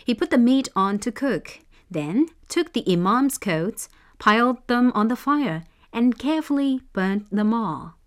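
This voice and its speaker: A woman's voice: a little high, expressive, measured pace. Woman narrating folk tales. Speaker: storyteller host. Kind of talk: scripted narration.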